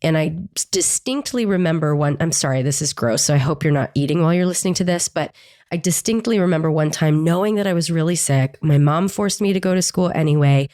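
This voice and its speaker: Stuffy-nosed woman podcast host, low voice. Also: brisk, mellow. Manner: candid, chatty and self-deprecating. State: stuffy nose from a cold. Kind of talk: casual solo podcast chat.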